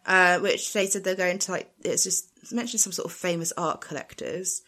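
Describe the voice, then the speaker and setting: A woman's voice: fairly low pitch, fairly even intonation, moderate pace, bright, forceful tone. A woman recapping a film in casual chat, chatty and giggly with exasperated asides. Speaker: podcast co-host recapping a film.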